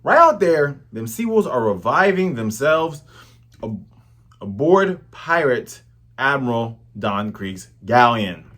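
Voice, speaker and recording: A man voicing a loud, bossy male ship's cook who barks urgent orders in a rush. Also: medium pitch, sing-song, slow pace, exaggerated voice.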